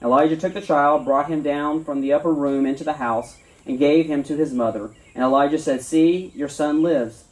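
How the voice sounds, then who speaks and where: A man with a slightly high voice preaches at an outdoor church service. He reads scripture in an earnest way, then talks plainly and relaxed, with fillers and restarts now and then. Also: moderate pace, few pauses, distant mic. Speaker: pastor. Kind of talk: sermon with scripture reading.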